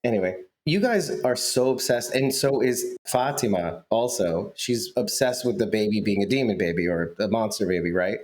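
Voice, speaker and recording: A man's voice: fairly low pitch, lively intonation, moderate pace, few pauses, a little mellow. A man co-hosting a podcast in casual chat, talking in a teasing, playful way. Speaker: podcast co-host.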